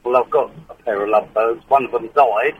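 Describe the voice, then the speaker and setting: A man calling in to a radio show over the telephone, cheeky and deadpan. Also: medium pitch, brisk, breathy edge. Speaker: caller. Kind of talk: phone-in call. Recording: narrow phone line.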